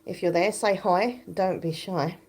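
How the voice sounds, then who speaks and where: A woman chatting casually on a home livestream while pedaling an exercise bike, her voice croaky from just waking up, into a phone held close. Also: fairly low pitch, a little slow, darkish tone. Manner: chatty, rambling, laughs often while pedaling.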